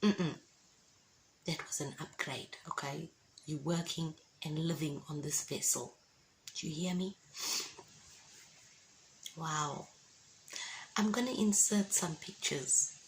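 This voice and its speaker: Fervent, slow-talking woman giving testimony. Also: deep voice, slight background noise, rough recording. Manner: fervent, emotional, keeps asking listeners if they understand. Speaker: Christian vlogger giving a testimony. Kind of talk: emotional faith testimony to camera. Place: at home indoors with windows open.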